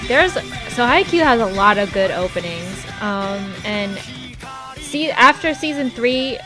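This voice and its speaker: A woman co-hosting a podcast, talking casually in a slow, halting way with many fillers. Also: medium pitch, expressive, over music. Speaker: podcast co-host.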